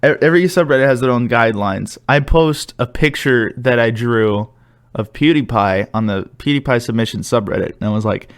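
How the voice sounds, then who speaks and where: A man's voice: mid-range voice, normal speed. A young man co-hosting a podcast, chatting casually, rambling and laughing as he stumbles and restarts. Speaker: podcast co-host. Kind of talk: casual chat.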